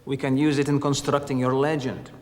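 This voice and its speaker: Man acting as a stern soviet recruiter, formal, deliberate, long room echo. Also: medium pitch, flat delivery, natural voice. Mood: commanding. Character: stern Soviet intelligence recruiter, commanding middle-aged man. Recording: reverberant room.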